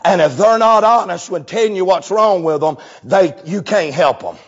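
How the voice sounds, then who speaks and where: A man preaching a revival sermon, swinging from low murmurs to hoarse, sing-song shouting. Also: animated, moderate pace, muffled recording.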